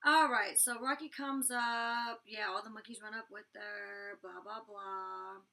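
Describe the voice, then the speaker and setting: A woman's voice: medium pitch, steady tone, gravelly, bright, forceful tone, recorded from a distance. A young woman recapping a reality show episode in casual, blunt chat, packed with "like" fillers and swearing freely. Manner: chatty, fast storytelling full of "like" fillers. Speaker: reality show cast member reviewing an episode.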